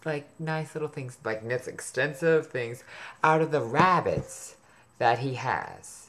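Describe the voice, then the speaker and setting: A man's voice: mid-range voice, animated, unhurried, a bit bright. Male vlogger, chatty and sarcastic, gossips and swears as he rambles on. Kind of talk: rambling personal storytelling to camera.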